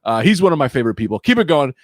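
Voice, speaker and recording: A man hosts a podcast, cursing freely and swinging between excited outbursts and low, muttered asides. His voice sits in a middle register and is recorded dry and close, with no room sound. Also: very fast, no room sound. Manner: loud, profane and hyped, swinging between shouts and mumbles. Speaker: podcast host. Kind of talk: casual podcast chat.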